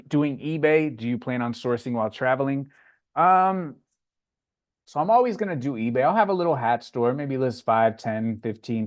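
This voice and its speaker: A man with a Floridian accent talks easily through viewer questions, his voice sitting in an ordinary middle register. He's relaxed and conversational, often pausing on an "um" before answering. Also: medium pitch. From Florida, USA. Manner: relaxed, chatty, frequent "um" fillers. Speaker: livestream host answering chat. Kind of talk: casual livestream Q&A.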